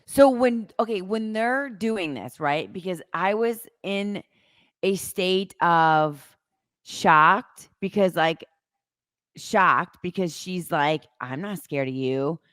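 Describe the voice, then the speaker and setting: A woman with a slightly low voice tells stories in lively, animated bursts and swears freely. She sounds close and dry on a podcast mic, with no room sound around her. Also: takes it slowly, no echo. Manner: animated storytelling, swears casually. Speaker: podcast co-host. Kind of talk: casual chat.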